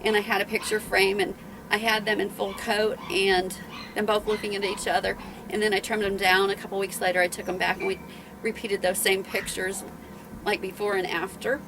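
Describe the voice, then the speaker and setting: A woman's voice: medium pitch, flat delivery, moderate pace, background noise. A middle-aged woman and dog breeder chatting casually on her home video, rambling and a bit out of breath. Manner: rambling, chatty, with many restarts and fillers.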